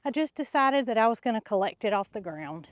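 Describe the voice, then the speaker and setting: Woman, middle-aged, farm vlog, excited, slightly breathless, outdoors, higher voice, dry close sound. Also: a little fast, no echo. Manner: chatty and excitable, talking to viewers. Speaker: farm vlogger. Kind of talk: casual vlog narration. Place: outdoors in a pasture.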